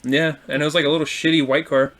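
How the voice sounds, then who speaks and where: A man co-hosting a podcast, telling a story in casual, profane chat and acting out the insults he shouted. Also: fairly high pitch, little pitch movement, fast, a little hiss or hum. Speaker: podcast co-host.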